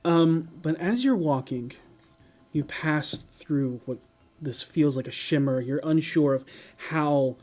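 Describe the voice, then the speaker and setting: A man running a tabletop game as dungeon master, narrating the scene slowly with many pauses and fillers. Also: fairly high pitch, a little mellow, faint music behind.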